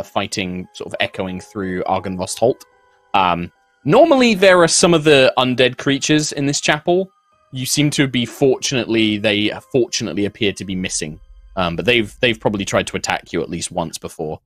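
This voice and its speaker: A British man runs a tabletop game, narrating scenes and characters in a low, unhurried voice. He hesitates and restarts often as he describes the scene. The sound is dry and close, with faint music underneath. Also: expressive, fairly bright tone, no room sound. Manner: hesitant, with many fillers and restarts. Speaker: game master.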